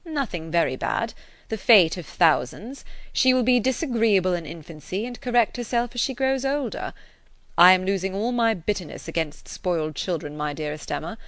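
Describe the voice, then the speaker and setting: A woman voicing an earnest, affectionate gentleman who gently reproves the woman he loves, in an audiobook reading. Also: on the low side, expressive, moderate pace, no echo.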